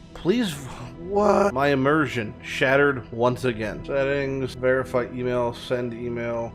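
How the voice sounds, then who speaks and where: Joking man streaming a text adventure. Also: mid-range voice. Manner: joking, swearing, reads game text aloud. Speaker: game streamer. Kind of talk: casual gameplay commentary.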